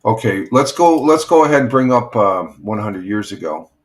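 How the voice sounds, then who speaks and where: An older man with a somewhat low voice hosts a relaxed morning livestream. He rambles, trails off and fills the gaps with ums and uhs. He has a plain way of speaking. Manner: rambling, halting with many fillers. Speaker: livestream host. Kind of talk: casual morning chat.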